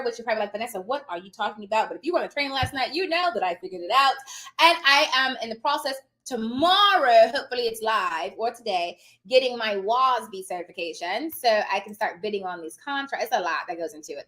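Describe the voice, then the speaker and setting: Woman host, high and bouncy, hyper and playful, calls viewers darling, plays with a put-on posh accent. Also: expressive, brisk, sharp tone. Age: adult with children. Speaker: host and notary business coach. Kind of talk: casual live-stream chat.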